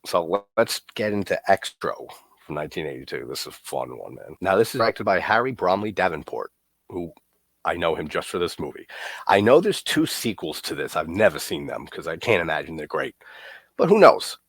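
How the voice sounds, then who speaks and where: A young man talks through a horror film in a loose, joking way, dropping curses and chuckling as he recaps. His voice sits very low, and the recording is dry and close with no room around it. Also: no echo. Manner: loose and profane, laughs and jokes while recapping. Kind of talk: casual film commentary.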